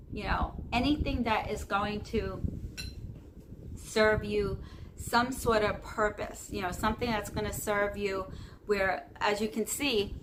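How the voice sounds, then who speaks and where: A woman vlogging casual spiritual advice to camera, rambling with many fillers and checking in with "okay?". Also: medium pitch. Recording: noticeable background noise.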